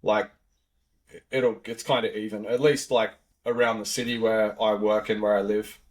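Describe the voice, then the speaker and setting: A man's voice: fairly low pitch, flat delivery, moderate pace. Easygoing Australian man in his thirties. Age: 30s. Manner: rambling, filler-heavy, easygoing. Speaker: podcast guest, auto technician. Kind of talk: casual chat.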